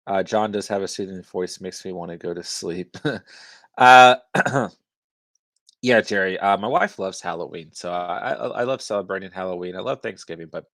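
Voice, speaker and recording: Young guy hosting a live stream, super low gravelly voice, easygoing chat, dry close mic. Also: normal speed, fairly bright tone, no echo. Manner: reads viewer chat aloud, easygoing. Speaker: host.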